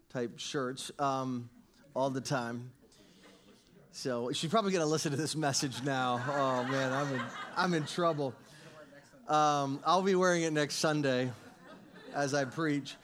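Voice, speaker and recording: A middle-aged male pastor preaching a sermon, telling stories with acted-out dialogue and chuckling at his own jokes. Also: medium pitch. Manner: animated storytelling, acts out dialogue, laughs at own jokes. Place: church sanctuary with congregation.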